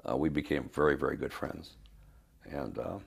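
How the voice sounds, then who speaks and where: A man's voice: very deep voice, normal speed, vocal fry, slightly rough. An older man from Spain, a fitness trainer telling a story in an interview, rambling with fillers and restarts. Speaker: fitness trainer, podcast guest.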